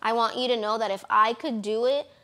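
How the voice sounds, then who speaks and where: A woman's voice: fairly high pitch, steady tone, fairly quick, a bit bright. A young woman from Florida, a lash business owner, talking casually and encouragingly to camera with lots of fillers. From Florida, USA. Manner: chatty, encouraging, many fillers.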